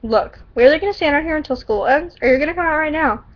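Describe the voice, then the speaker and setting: A woman's voice: high-pitched, expressive, fast, pitched above the performer's own voice. A woman voicing a sneering teenage boy bully who taunts his victim, on a dull lo-fi recording. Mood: taunting. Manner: taunting, smug.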